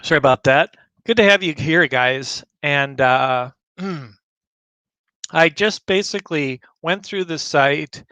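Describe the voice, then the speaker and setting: A man hosting a community news livestream, rambling casually as he clicks through a website and greets viewers by name, a bit choked up and clearing his throat. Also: a little high, takes it slowly, bright, forceful tone, no room sound. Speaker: livestream host.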